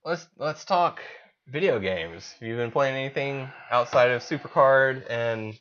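A man's voice: medium pitch, unhurried, a bit bright, lo-fi sound. A man co-hosting a podcast, chatting casually, easygoing and joking. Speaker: podcast co-host. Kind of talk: casual chat.

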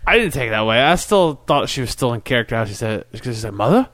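A man's voice: medium pitch, animated, fast, a bit bright, dry recording. Cynical man in casual chat. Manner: cynical, rambling, many restarts. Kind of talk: casual chat about wrestling.

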